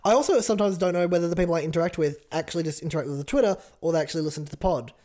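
A young man hosting a podcast in casual chat, joking with deadpan asides. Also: a little high, racing. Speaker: podcast host.

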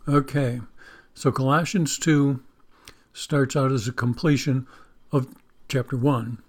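A man's voice: mid-range voice, fairly even intonation, takes it slowly. A man giving a folksy Bible-teaching sermon, joking about spelling and leading a prayer. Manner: leads a spoken prayer. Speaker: preacher.

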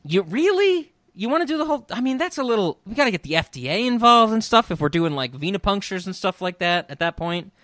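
A man's voice: sits high, big pitch swings, quick pace, few pauses, a bit bright, no echo, clean studio sound. A man co-hosting a podcast, chatting casually and animatedly, often swearing and acting out quotes. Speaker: podcast co-host. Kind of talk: casual chat.

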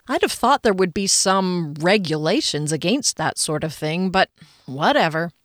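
Woman, audiobook narrator, wry first-person reading, lowish voice, dry sound. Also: no echo. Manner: wry, self-mocking.

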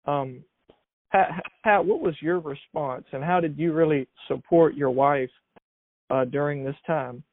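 A man's voice: on the high side, measured pace, dry recording. A man interviewing a guest, calling him by name to draw him into the talk. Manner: leading, draws the guest in by name. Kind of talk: interview questions. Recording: thin phone-like sound, dry.

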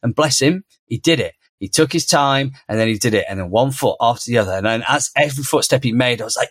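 Brief: male podcast co-host, mid-pitched, animated storyteller, dry close mic. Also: fairly quick, dry recording. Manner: animated, acts out quoted lines in a much higher voice. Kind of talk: casual conversational storytelling.

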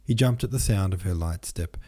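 Husky low-voiced male narrator. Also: a little fast, mellow. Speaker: podcast host, reader. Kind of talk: scripted narration.

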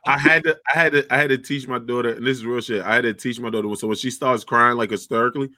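A young man with a bright, forceful voice tells a lively, swearing-heavy story in casual chat. The sound is dry and close, with no room echo. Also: mid-range voice, quick pace. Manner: animated storytelling, laughs often, swears freely.

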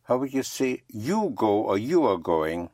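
A French teacher giving a slow, patient one-on-one lesson and spelling words out letter by letter. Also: mid-range voice, very animated, darkish tone, no echo, studio quality.

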